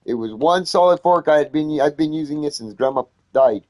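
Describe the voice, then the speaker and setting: A man telling a heated story in casual conversation, swearing constantly and getting loud when he retells arguments. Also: a little high, fairly quick.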